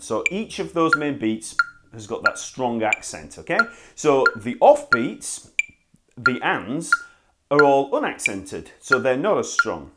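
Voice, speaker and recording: Lively bass teacher, man, lesson talk. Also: measured pace, very noisy. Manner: friendly, explanatory, counting beats aloud. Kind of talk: online music lesson.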